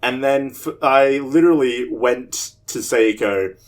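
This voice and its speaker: A man's voice: mid-range voice, measured pace. A young Australian man telling a rambling, profane story on a casual podcast. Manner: rambling and profane, with loud animated quoted voices. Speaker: podcast co-host.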